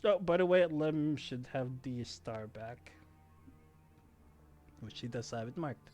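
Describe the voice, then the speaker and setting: A man's voice: medium pitch, expressive, slow pace, darkish tone, soft background music. A man playing a tabletop game, chatting casually with eager, joking questions. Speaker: player.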